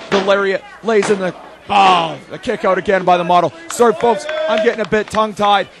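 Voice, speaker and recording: A man, a wrestler loudly and excitably calling his own match in boastful play-by-play. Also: sits high. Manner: loud, excitable, boastful, shouting. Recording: loud arena crowd behind.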